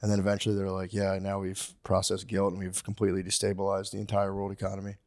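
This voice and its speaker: A man co-hosting a comedy podcast in casual chat, rambling and acting out quotes, sometimes jumping into a shrill voice. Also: monotone, fast, darkish tone. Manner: rambling, acts out quotes with sudden high-pitched outbursts. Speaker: podcast co-host.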